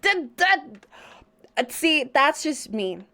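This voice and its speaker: A woman's voice: high-pitched, very animated, slow, bright, forceful tone. A woman streaming a video game, chatting casually with her audience and playfully protesting their teasing. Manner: playful, protests teasing from chat with mock indignation. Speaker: VTuber streamer. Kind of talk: casual gaming stream chat.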